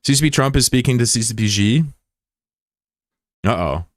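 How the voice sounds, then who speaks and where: A man's voice: medium pitch, lively intonation, moderate pace, no room sound, clean studio sound. A man streaming live in casual chat, joking and swearing as he reads out viewer comments. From United States. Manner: joking, profane, rambling asides.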